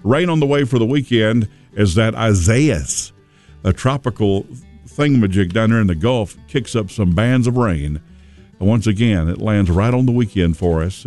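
Folksy low-voiced radio host. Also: male voice, mellow. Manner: folksy, rambling, chatty with fillers. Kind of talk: casual local radio talk. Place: radio studio.

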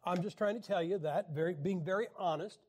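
A man teaching a Bible class in a folksy, joking way, often clearing his throat and restarting his sentences. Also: high-pitched, brisk, darkish tone. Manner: frequent throat clearing and restarts, jokey asides. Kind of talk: folksy teaching talk with jokes.

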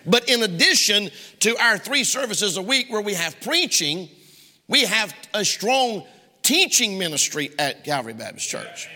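A male pastor delivers a sermon from the pulpit, his cadence emphatic and repetitive, as the church sanctuary's long hall reverb rings out. He speaks a little slowly in a high, sharp, sing-song voice.

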